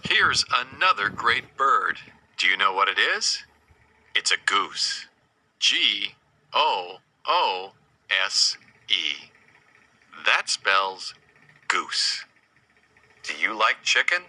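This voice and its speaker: A man teaching young children, slowly naming animals, asking simple questions and spelling each word letter by letter. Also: fairly low pitch, big pitch swings, pushed and bright, low-quality recording.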